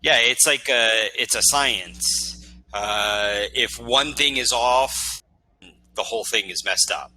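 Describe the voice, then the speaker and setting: Man, from the United States, English tutor, patient and encouraging, video call, crisp bright tone. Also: mid-range voice, slow. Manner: patient, encouraging, checks understanding. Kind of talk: online English lesson conversation.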